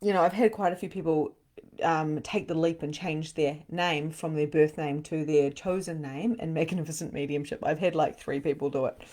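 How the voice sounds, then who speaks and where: A middle-aged woman hosting a live spiritual session as a medium, chatting casually, laughing often and breaking into sudden excited bursts. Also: low voice, normal speed. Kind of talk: casual live-stream channeling.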